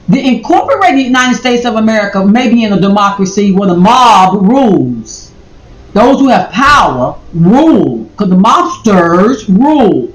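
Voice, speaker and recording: A video commentator reacting to a clip, talking in a rambling, emphatic way and repeating phrases. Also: mid-range voice. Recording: roomy, distant mic, faint noise.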